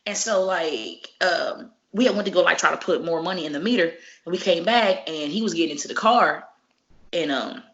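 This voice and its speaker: A woman, a professional wrestler, telling stories in a casual interview, animated and profane, acting out each exchange. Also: lowish voice, normal speed. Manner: animated, profane, acts out dialogue. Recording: muffled lo-fi recording.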